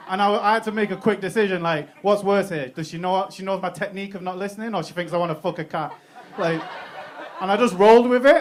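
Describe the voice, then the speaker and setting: Young british guy doing stand-up, pretty high voice, swears a lot, cracks up at his own jokes. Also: quick pace, a little hiss or hum. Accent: British English. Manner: casual, profane, laughing at his own jokes. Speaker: stand-up comedian. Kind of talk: stand-up comedy set. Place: comedy club stage.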